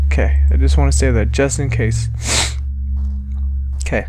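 A man's voice: medium pitch, steady tone, normal speed, pauses often, dark tone, a little hiss or hum. A man hosting a horror game let's-play, jumpy and exclaiming, talking back to the game as he plays. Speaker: gaming channel host.

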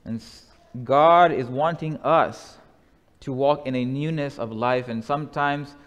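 Male pastor, unhurried sermon cadence, falls to quiet hushes, echoing sanctuary sound. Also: medium pitch, lo-fi sound. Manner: slow, deliberate preaching that drops to a soft hush. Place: church sanctuary. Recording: long church reverb.

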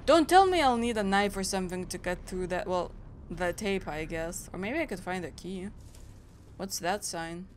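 A woman's voice: on the low side, animated, normal speed, a little hiss or hum. A woman from Europe hosting a gaming channel, reacting aloud and chatting through a let's play. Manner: chatty, reacting aloud, frequent small laughs.

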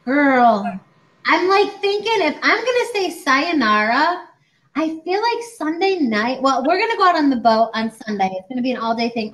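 A woman in her forties co-hosting a casual chat, talking in a chatty, animated way and acting out other people's lines. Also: on the high side, poor audio. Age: 40s. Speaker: co-host.

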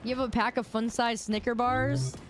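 A woman's voice: a little high, steady tone, moderate pace, background noise. A woman streaming a game and chatting casually with her viewers, playful and teasing, repeating words in sing-song bursts. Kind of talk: casual chat with viewers while gaming.

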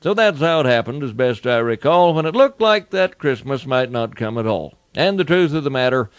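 A man's voice: mid-range voice, animated, normal speed, dry recording. A man reciting a comic cowboy poem in a folksy rhyming style. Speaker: cowboy poet.

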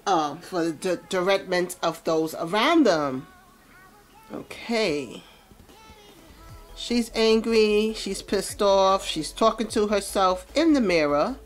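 This chatty gameplay commentator has a mid-range, expressive voice and a slow pace, with soft music playing behind her. In casual let's-play style, she talks through what her game characters are feeling.

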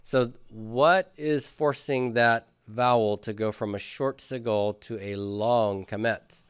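A man's voice: mid-range voice, fairly even intonation, slow, clear, resonant tone, dry recording, studio quality. A man teaching a class, patiently drilling students and having them repeat after him. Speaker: Hebrew grammar teacher. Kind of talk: classroom lecture with questions.

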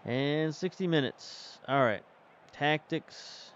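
Speaking slowly in a voice on the high side, a man streams himself playing a football management game and talks casually through his tactics and substitutions. He's chatty and thinks aloud as he manages the match. The audio has its highs cut off and carries a little hiss or hum.

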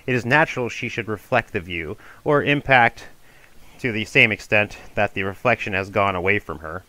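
A man giving a measured, formal audiobook reading of an ancient philosophical dialogue. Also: on the low side, pushed and bright, dry recording, low-quality recording. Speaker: reader of a classical dialogue.

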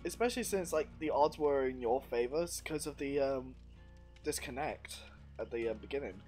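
A man's voice: mid-range voice, lively intonation, normal speed, a little mellow, soft background music. Giggly man hosting a game stream. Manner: giggly, laughs often while talking. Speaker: streamer host. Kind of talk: casual gaming stream chat. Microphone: headset.

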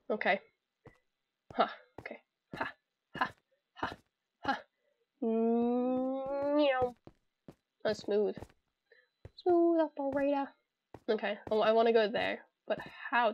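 A woman's voice: fairly high pitch, lo-fi sound. Giggly Irish woman playing a game. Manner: chatty, giggly, talks to herself. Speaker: gamer. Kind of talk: casual gameplay commentary.

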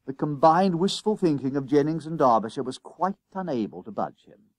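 A man reading his own children's book aloud as narrator, crisp and expressive. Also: on the high side, moderate pace, dry recording. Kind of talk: storybook narration.

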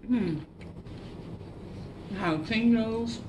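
A mukbang vlogger with a fairly high voice stretches out her words over a noisy background. Chatting casually to viewers between bites, she hums while chewing, laughs at herself, and gives animated shout-outs.

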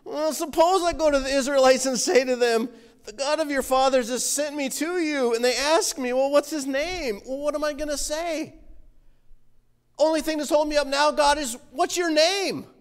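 A man's voice: very high-pitched, normal speed. A man voicing Moses with a whiny, doubting voice during a sermon. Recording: reverberant church hall.

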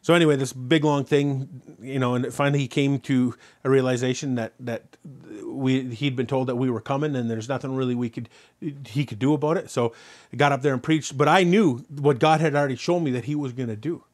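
This Canadian man is preaching as pastor, moving from a story into a string of repeated rhetorical questions that drive his points in. His mid-range voice is fairly quick, and he grows loud and animated on the crucial points.

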